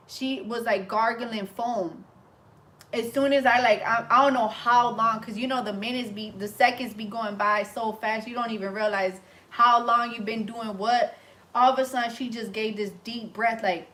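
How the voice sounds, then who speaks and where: A young woman telling a story in a casual, animated way, full of fillers and restarts, while she works as a hairstylist. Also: on the high side. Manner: animated, breathless retelling with many fillers. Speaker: hairstylist and vlogger.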